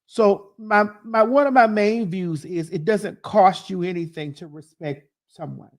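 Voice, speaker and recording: A woman's voice: medium pitch, unhurried. A woman hosting a reaction commentary, making her points emphatically and repeating them for weight. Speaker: host.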